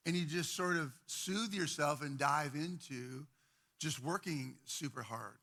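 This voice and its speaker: A man, a pastor, preaching a sermon in a conversational style, often repeating phrases and dropping to quiet, intimate tones. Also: fairly high pitch, measured pace. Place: church.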